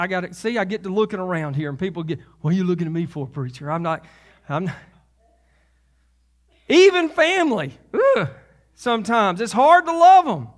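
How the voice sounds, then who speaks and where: A man's voice: sits high, a bit bright. A man preaching a sermon as pastor, conversational, with asides and laughs at himself.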